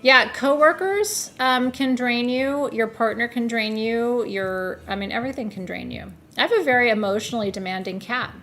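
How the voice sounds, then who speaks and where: Playful chatty woman co-host, higher voice. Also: lively intonation, normal speed, hardly any pauses, fairly bright tone, slight background noise. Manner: chatty, playful, breaks into laughter. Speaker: co-host of live crystal show. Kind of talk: casual chat.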